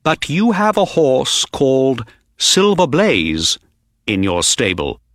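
A man voicing a confident, sharp-minded detective in an audiobook, speaking in a calm, assured way. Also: mid-range voice, slow, no echo, clean studio sound, pitched above the performer's own voice, heavily acted. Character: sharp, confident male detective, middle-aged. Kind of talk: audiobook character reading.

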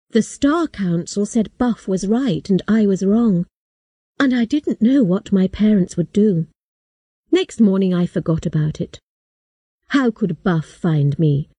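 A woman calmly reading a first-person story aloud, as audiobook narration. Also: medium pitch, husky, dry recording.

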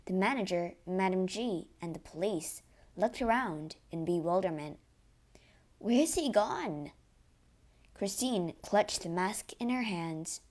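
A woman narrating a children's storybook aloud in an expressive, dramatic way. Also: fairly low pitch, unhurried.

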